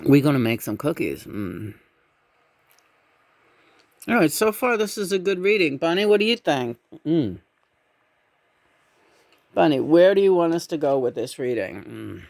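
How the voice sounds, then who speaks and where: A woman giving a casual tarot reading in a musing, meandering way, often humming softly between thoughts. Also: deep voice, big pitch swings, measured pace, creaky, long pauses, no room sound. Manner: meandering, musing, with frequent murmured hums. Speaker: tarot reader.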